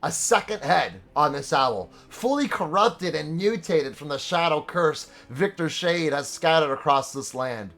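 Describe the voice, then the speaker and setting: Expressive and unhurried, with hardly any pauses, this young man's fairly high, fairly bright voice leads a live-streamed tabletop game. He serves as dungeon master, mixing banter with dramatic narration via a streaming mic.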